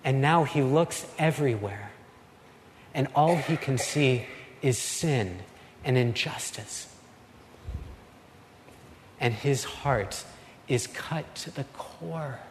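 A man preaching a sermon as a pastor, slow and earnest, with dramatic pauses. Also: mid-range voice, animated, long reverb tail, slight background noise.

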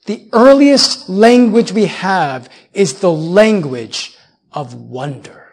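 Husky-voiced male preacher. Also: high voice, lively intonation, slow pace, a little mellow. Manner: preaching with repeated phrases and rhetorical questions. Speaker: pastor. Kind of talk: sermon.

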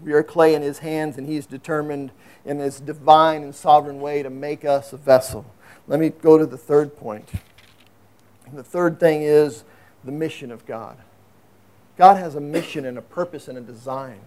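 An earnest male preacher with a fairly high voice delivers a sermon. He climbs into loud, emphatic stretches, then sinks back to low, hushed asides. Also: steady tone, normal speed.

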